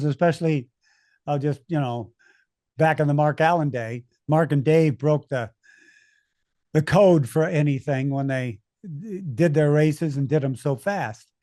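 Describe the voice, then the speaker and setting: Animated American race announcer telling stories. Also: male voice, on the high side, no echo, clean studio sound. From United States. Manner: animated anecdotes with many restarts. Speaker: race announcer, podcast guest. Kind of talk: storytelling conversation.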